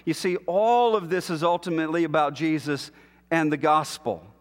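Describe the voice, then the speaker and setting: A man preaching a sermon as a pastor, measured and emphatic, with long pauses between phrases. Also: on the high side, in a large hall.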